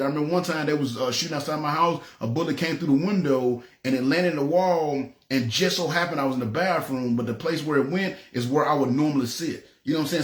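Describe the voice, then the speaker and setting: Preacher telling his story in a roomy echo. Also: on the high side. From Memphis, Tennessee. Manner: animated storytelling, acts out dialogue; frequent "you know what I'm saying". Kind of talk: personal testimony.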